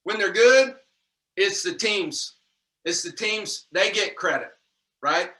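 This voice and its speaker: A man's voice: high voice, lively intonation, slow, sharp tone. A man giving a folksy motivational talk on leadership to his team, calling them y'all and repeating himself as he goes. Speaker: leadership trainer. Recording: echoey room, distant mic.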